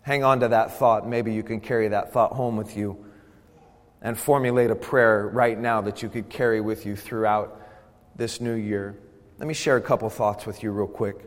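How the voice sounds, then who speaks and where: A man preaching a sermon from a devotional reading, moving from calm reading to loud, emphatic preaching with drawn-out emphasis on key words. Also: lowish voice, big-room sound. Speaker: pastor.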